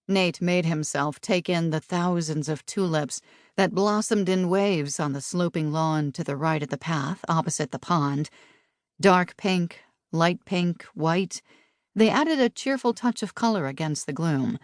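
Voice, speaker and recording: A woman with a fairly low voice reads a novel aloud in a steady, measured audiobook style. The recording is close and completely dry, with no room sound around her. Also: no room sound. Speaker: audiobook narrator. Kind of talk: scripted audiobook narration.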